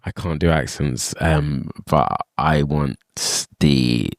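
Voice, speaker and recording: A man's voice: a bass voice, slow pace, creaky, dry recording, studio quality. A man talking as a podcast guest in casual comedic chat, giggly, playful and often hesitant. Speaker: podcast guest, drag performer.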